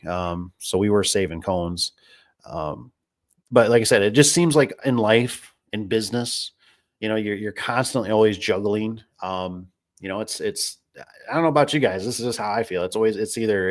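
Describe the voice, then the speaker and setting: Casting note: a lower-voiced small-business owner, a man, talking off the cuff, folksy and rambling, close dry sound. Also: normal speed, no room sound. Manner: rambling, filler-heavy, folksy. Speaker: garage door business owner. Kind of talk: casual livestream chat.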